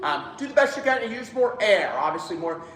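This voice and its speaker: A man's voice: high-pitched, very animated, a little fast, a bit bright, echoey room, big-room sound. A man directing a choir rehearsal, giving instructions and singing lines himself to show how they should go. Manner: demonstrates lines by singing, counts in.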